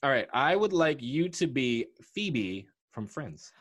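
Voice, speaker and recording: A man co-hosting a podcast in casual chat, telling lively stories and acting out the quotes. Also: mid-range voice, slow. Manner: animated storyteller, acts out quotes. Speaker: podcast co-host.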